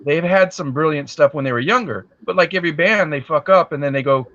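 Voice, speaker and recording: A man's voice: on the high side, quick pace, fairly bright tone, no room sound. Laid-back middle-aged man on a dry, dull line. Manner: laid-back, trailing off with "you know". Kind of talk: casual chat on a live stream.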